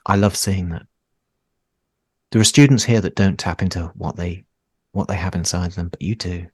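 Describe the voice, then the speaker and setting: A man voicing the calm, approving female principal of an elite conservatory in a tabletop role-play. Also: low-pitched, normal speed, slightly rough, dry recording.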